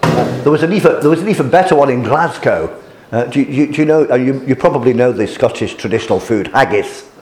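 A man's voice: mid-range voice, expressive, quick pace, background noise. A man giving an informal lecture to a class, hesitant with many restarts and fillers, chuckling at his own jokes. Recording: roomy hall echo.

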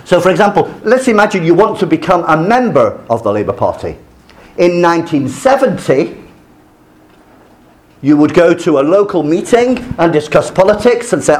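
Male lecturer, animated, bouncing intonation, stop-start phrasing. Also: on the high side, normal speed. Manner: animated, acts out quoted voices, many restarts; switches to French asides. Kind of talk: university lecture on politics.

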